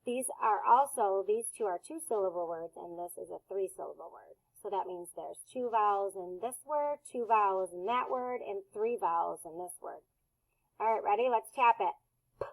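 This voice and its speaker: A woman teaching a recorded phonics and reading lesson for young children, sounding out letters slowly and deliberately. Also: mid-range voice, lively intonation, creaky, fairly bright tone, poor audio.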